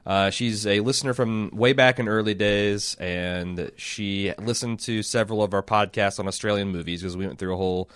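A man's voice: lowish voice, fairly even intonation, normal speed, few pauses, a bit bright, smooth. A man co-hosting a podcast in a casual chat, thoughtful and rambling, often restarting his sentences. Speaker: podcast co-host.

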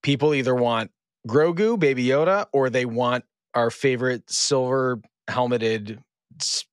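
Give me an excitable, slangy man co-hosting a podcast, dry sound. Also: mid-range voice, unhurried, clear, resonant tone, dry recording. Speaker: podcast co-host. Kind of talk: casual chat.

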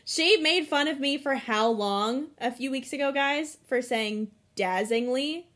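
A woman's voice: high-pitched, a little slow, fairly bright tone. A woman co-hosting a casual rewatch podcast, teasing her partner, laughing often and swearing. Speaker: podcast co-host.

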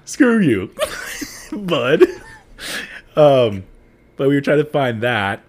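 Young male co-host, loose rambling storyteller, middle-pitched, easygoing podcast chatter. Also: sing-song, takes it slowly. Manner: rambling, many likes and restarts, laughs often. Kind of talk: casual chat, storytelling.

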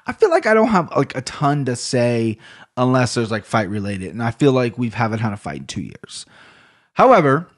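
A man from Ohio with an Ohio accent, hosting a solo sports podcast in loose, rambling, profane casual talk, a bit low on energy. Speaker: podcast host. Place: home room.

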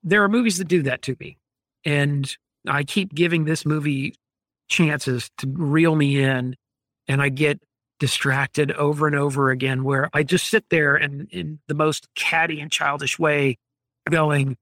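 A man's voice: on the high side, steady tone, unhurried, a bit bright, no room sound, clean studio sound. A man, ranting in an opinionated, exasperated way during a casual podcast chat. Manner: opinionated, exasperated, rambling critique.

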